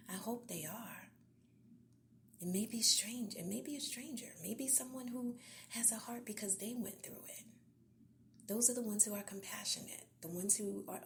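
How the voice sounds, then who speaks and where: A woman podcast host, giving an encouraging devotional talk in a soft, half-whispered, earnest voice. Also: medium pitch, creaky, a little hiss or hum.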